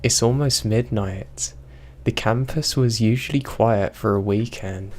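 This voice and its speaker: A young man reading horror stories aloud, in a slow, even storytelling manner. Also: lowish voice. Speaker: narrator.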